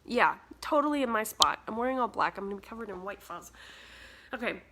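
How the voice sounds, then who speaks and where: A woman's voice: mid-range voice, expressive, brisk, sharp tone. A woman talking casually to her phone camera indoors, bubbly and chatty, with many "like"s. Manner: chatty, bubbly, says "like" a lot. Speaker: spiritual vlogger. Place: indoors at a house with cats.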